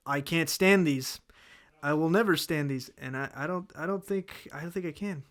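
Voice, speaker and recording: A man's voice: on the high side, normal speed. A man hosting a casual solo talk show, rambling through food complaints with many restarts, fillers and exasperated outbursts. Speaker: host.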